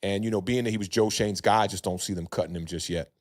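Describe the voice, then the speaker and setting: A man's voice: on the low side, fast. Laid-back man hosting a live stream. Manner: laid-back, hedging, many fillers, greets chatters by name. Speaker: podcast host reading live chat. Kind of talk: casual livestream sports chat.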